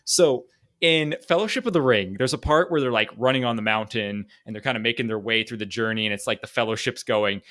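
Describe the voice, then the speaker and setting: A man's voice: medium pitch, brisk, fairly bright tone. A man co-hosting a podcast in casual chat, rambling and joking, laughing often. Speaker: podcast co-host.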